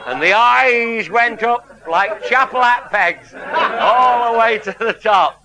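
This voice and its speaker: A man's voice: very high-pitched, big pitch swings, drawn-out words, long pauses, sharp tone. A middle-aged man telling a comic anecdote in a blunt, earthy, wry manner, heard on a noisy old radio recording. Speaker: storyteller. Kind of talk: comic anecdote before a live audience.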